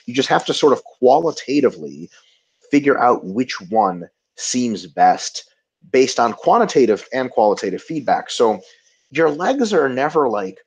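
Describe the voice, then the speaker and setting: A man's voice: on the low side, breathy edge. A man co-hosting a webinar, explaining training and diet in a loose, conversational way with fillers and restarts. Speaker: co-host.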